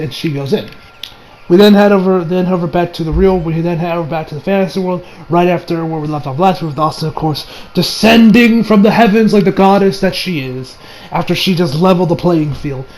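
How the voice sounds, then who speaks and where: A man giving a casual video review, excitable and rambling, full of slang and laughter. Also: high-pitched, low-quality recording. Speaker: anime reviewer.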